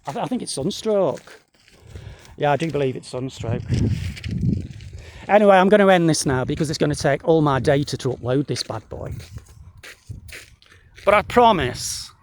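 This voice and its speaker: A man's voice: a little high, animated, normal speed, pauses often, a little hiss or hum. A man chatting and joking to the camera in a rambling way while standing in a wheatfield, recorded on a phone. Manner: joking, rambling, talks to an unseen companion. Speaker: vlogger. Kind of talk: rambling outdoor vlog chat. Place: outdoors in a wheatfield.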